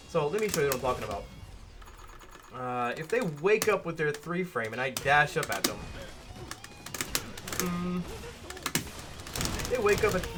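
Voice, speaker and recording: A man's voice: on the high side, a bit bright. A man giving a casual gameplay tutorial as a fighting game coach, talking conversationally and correcting himself as he demonstrates.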